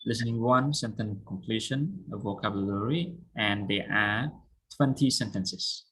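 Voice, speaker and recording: A man's voice: on the low side, a little slow, a bit bright, husky, rough recording. A man with a Cambodian accent teaching an online English lesson, patiently drilling pronunciation and checking that students understand. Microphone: video call.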